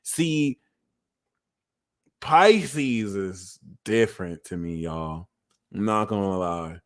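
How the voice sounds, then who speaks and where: A man's voice: low-pitched, animated, very slow. A man giving a casual astrology reading, blunt and profane, who often acts out quoted voices. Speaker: astrology reader.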